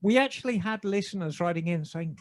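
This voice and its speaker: A man's voice: high voice, expressive, brisk, no echo. A man co-hosting a motorcycle podcast in casual, joking chat, sometimes reading a sponsor ad. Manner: joking, slips into a put-on posh voice. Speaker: podcast co-host.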